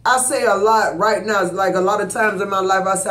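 A tarot reader with a high, fairly bright voice keeps a steady tone and a brisk pace. He speaks AAVE and is preachy and emphatic, addressing viewers directly. The space sounds echoey.

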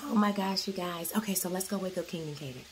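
A young working mom of three talks casually to her camera in a family vlog, speaking quickly in a lowish voice with slight background noise. She often says "you guys" and "y'all."

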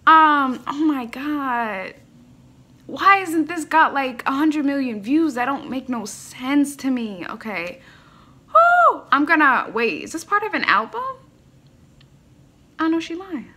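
A young woman hosting a music reaction, gushing and exclamatory, swinging between loud squeals and quiet musing. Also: sits high, lively intonation, slow, pauses often, slight background noise. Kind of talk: excited reaction commentary.

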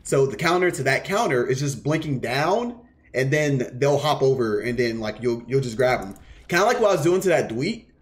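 A man streaming a game live, casually explaining strategy while teasing the players on screen and swearing freely. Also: medium pitch. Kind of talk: live gameplay commentary.

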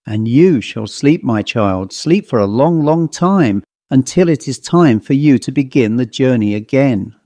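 Old seer, deep whispery voice, slow and hushed, dry close sound, read by a man. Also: expressive, no room sound, lightly acted. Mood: tender.

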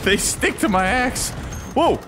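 Excitable male gamer, high and bouncy, commentating over game music. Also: unhurried. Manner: excitable, chatty, laughs often. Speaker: gaming YouTuber. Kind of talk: gameplay commentary.

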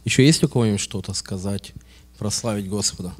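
A man from Tajikistan giving an earnest, measured testimony at a church service. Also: fairly low pitch, a little mellow. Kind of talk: formal testimony.

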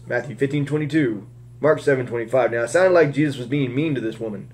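A man's voice: medium pitch, fast. A man giving casual Bible teaching, rambling with many restarts and fillers.

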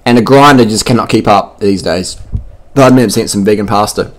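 A man's voice: on the low side, fairly quick. Blunt, profane man. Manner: adds buzzing sound effects. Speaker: cycling vlogger. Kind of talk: casual commentary over race footage.

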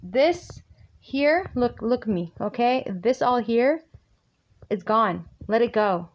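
A woman with a fairly high voice runs through a tarot reading for her viewers. She talks bluntly and with emphasis and swears freely. Her tone is direct and forceful. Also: animated, slow pace, highs cut off. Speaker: tarot reader.

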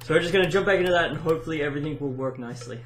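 A man giving casual let's-play commentary, excitable and easily amused. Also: on the high side, racing. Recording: roomy echo with game music behind.

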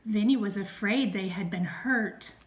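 Woman teacher, storybook read-aloud, slow and clear, roomy echo. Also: mid-range voice. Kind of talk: reading a storybook aloud to children.

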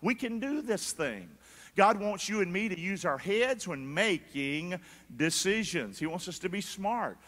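A man preaching a lively sermon, calling out to the congregation for answers and mimicking foolish people. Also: high-pitched, a little slow. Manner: energetic, calls for crowd response; mocking voices for foolish people. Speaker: pastor. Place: large church hall. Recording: long reverb of a big church hall.

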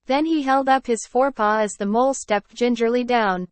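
A woman teacher reading a story aloud to children, pausing to explain words. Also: fairly high pitch, no room sound. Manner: clear, explaining, addresses children. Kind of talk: read-aloud lesson with word explanations.

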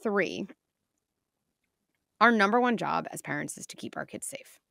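Woman psychologist guest, animated storyteller, gravelly fry, dry close-miked. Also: mid-range voice, a little slow, no echo. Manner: animated, acts out scenes with quoted voices. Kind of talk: casual interview talk.

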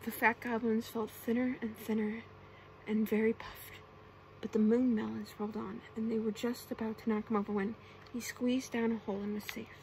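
Brief: young woman, whispered role-play storyteller, soft hushed reading, a touch high, faint hiss behind. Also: flat delivery, moderate pace, poor audio. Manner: soft, often whispered reading with playful character voices. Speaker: ASMR storyteller.

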